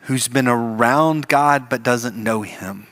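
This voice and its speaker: A man preaching a sermon as pastor, telling the story in an animated way and acting out the characters. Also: mid-range voice, slow. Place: church.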